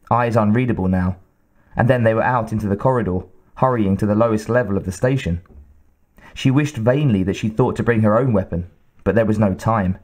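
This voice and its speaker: A man reading a sci-fi novel aloud in a measured, dramatic narration style. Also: lowish voice, darkish tone. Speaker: audiobook narrator.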